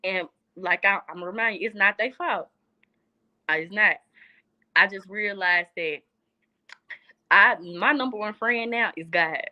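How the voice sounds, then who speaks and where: A woman's voice: mid-range voice, a little slow, pauses often, highs cut off. A young woman in casual conversation, speaking earnestly and from the heart, repeating phrases for emphasis. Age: young adult. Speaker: guest. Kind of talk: casual chat.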